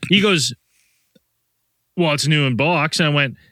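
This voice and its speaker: Podcast co-host, man, foul-mouthed ranting storyteller, bright and dry sound. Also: on the high side, measured pace, dry recording. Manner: profane, animated storyteller, ranting. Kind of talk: casual chat.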